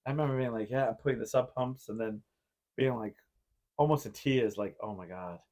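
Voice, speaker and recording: A man's voice: mid-range voice, fairly quick, a little mellow. A man hosting a podcast in casual chat, telling a long rambling story full of "like" and acting out his own past reactions. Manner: heavy use of filler "like". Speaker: podcast host.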